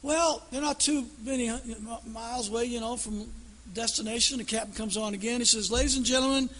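Husky, high-voiced preacher. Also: male voice, fairly even intonation, a little fast, fairly bright tone. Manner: folksy storytelling that builds to emphatic declarations. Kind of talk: sermon.

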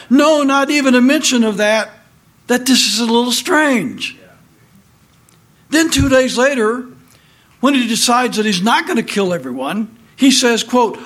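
A middle-aged man with a notably high-pitched voice reads commentary aloud in an indignant tone. He takes his time and drags the words out, marking each quotation with a spoken "quote" and "close quote". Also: animated, slow, a bit bright.

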